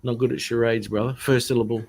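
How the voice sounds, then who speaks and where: A man's voice: mid-range voice, little pitch movement, fast talker, creaky, a little mellow. A man chatting casually on a group call, joking and teasing the others and laughing often. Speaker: participant in an online drone pilots' chat. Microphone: desk microphone on a call.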